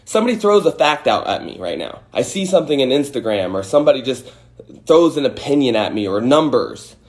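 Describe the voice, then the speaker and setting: A man's voice: mid-range voice, big pitch swings, a little fast. A man hosting a livestream, giving a casual motivational talk and acting out angry and scared voices with some swearing. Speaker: host.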